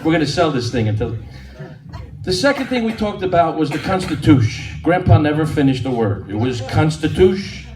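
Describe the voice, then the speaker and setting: Middle-aged comic, punchy storyteller, lively and fairly high voice. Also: male voice, a little fast. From New Jersey. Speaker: stand-up comedian. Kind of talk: stand-up comedy. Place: comedy club stage. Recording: echoey club from far off with noise.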